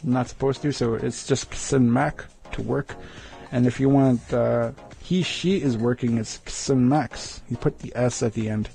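Slow, gravelly man repeating words. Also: medium pitch, mellow. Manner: slow, repeats each word several times, sounds them out. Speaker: language learner teaching words of the day. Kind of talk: casual vlog word lesson.

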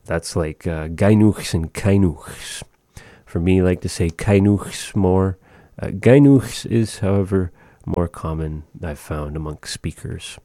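A man teaching words of a language in a relaxed, chatty way, repeating each word slowly. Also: deep voice, no echo, studio quality. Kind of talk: casual language lesson.

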